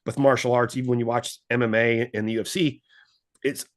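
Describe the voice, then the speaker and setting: A man's voice: medium pitch, little pitch movement, fairly quick. A man guest on a business interview, talking casually and animatedly about money, often acting out the voices of the people in his stories. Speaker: guest, finance coach.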